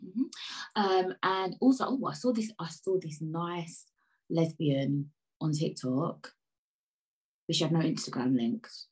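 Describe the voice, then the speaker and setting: A woman talks casually to camera while sipping tea, her voice sitting on the low side. She rambles from one thought to the next. She swings from loud, excited outbursts to quiet, muttered asides. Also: a little slow, poor audio. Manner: sips tea while talking. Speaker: vlogger.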